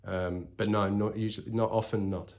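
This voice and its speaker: A man in his forties with a softened Australian accent, giving thoughtful, articulate interview answers. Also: lowish voice, moderate pace, a crowd in the background. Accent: Australian, softened by voice training. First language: English. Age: 40s. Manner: thoughtful, articulate, lively with restarts.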